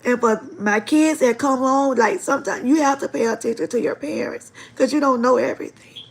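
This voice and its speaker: High, gravelly-voiced woman giving testimony. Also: fairly quick. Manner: emotional, earnest, addresses viewers directly. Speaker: livestream host. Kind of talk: live-stream faith testimony.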